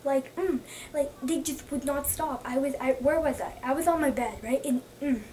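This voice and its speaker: High-voiced young woman gushing about books. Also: normal speed, dark tone. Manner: gushing and chatty, repeats herself for emphasis. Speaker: book vlogger. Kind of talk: casual chat to camera. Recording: mic at a distance, faint background noise.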